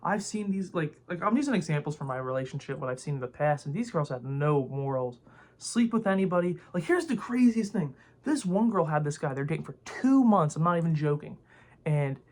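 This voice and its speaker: A young man ranting to camera in a rambling, heated way, full of filler words and swearing. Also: a little high. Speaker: vlogger. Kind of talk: casual opinion rant to camera.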